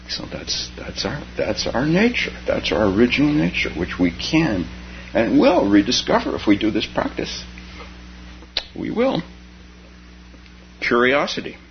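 A man's voice: medium pitch, sing-song, slow pace, creaky, long pauses. An older man, a Zen teacher, giving a dharma talk full of personal stories and frequent chuckles. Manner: chuckles often while telling stories. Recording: dull lo-fi recording with faint noise.

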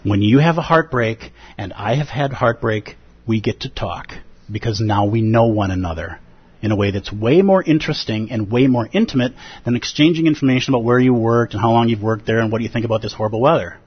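At a retreat, a Buddhist teacher gives an earnest, expressive dharma talk, acting out feelings with gasps and pauses. His voice is husky and medium in pitch. The recording is dull and lo-fi.

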